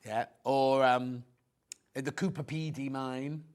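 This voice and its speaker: A man's voice: medium pitch, steady tone, slow, a little mellow, clean tone. A middle-aged man hosting a live shopping show, chatting and joking as he rambles into anecdotes between prices. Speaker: shopping channel presenter.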